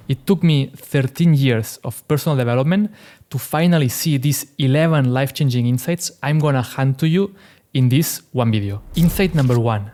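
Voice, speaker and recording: A man's voice: mid-range voice, darkish tone. A man hosting a casual commentary, chatty and conversational, often adding "right?" and "like" and laughing lightly. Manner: chatty, fillers like "right?" and "like", laughs now and then. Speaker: host.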